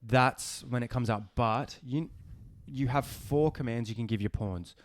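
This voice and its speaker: A man co-hosting a casual gaming podcast, animated and ranting, swearing and restarting sentences. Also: mid-range voice, measured pace, no echo, clean studio sound. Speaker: podcast co-host.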